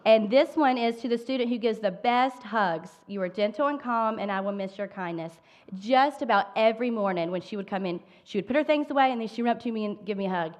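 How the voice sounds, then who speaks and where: A woman's voice: fairly high pitch, a little fast. A woman teacher speaking affectionately to her students while giving out class awards at a church service. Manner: warm, affectionate. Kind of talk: award ceremony speech. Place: church sanctuary.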